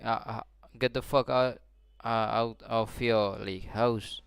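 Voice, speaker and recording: A man reacts to clips with short, blunt, swearing asides. His voice is very smooth and resonant, and the recording is dry and close. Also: mid-range voice, steady tone, slow, no echo. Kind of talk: casual reaction commentary.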